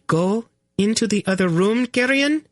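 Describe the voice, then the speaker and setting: Man voicing a high, bossy young pregnant queen. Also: lively intonation, dry recording, studio quality. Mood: patiently bossy. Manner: impatient, speaks slowly and distinctly as if to a fool. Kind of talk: audiobook character voice.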